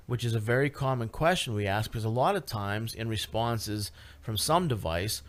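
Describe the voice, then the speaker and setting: Excited man retelling a ghost hunt. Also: lowish voice, normal speed, few pauses. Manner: animated, lots of fillers and restarts, rising excitement. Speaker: paranormal investigator guest. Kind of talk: casual radio interview storytelling.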